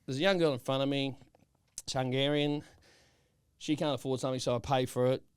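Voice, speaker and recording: Man, podcast co-host, rapid rambling storyteller, dry close sound. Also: medium pitch, clear, resonant tone, no echo. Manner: animated, rambling anecdote with lots of "right?". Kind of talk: casual storytelling chat.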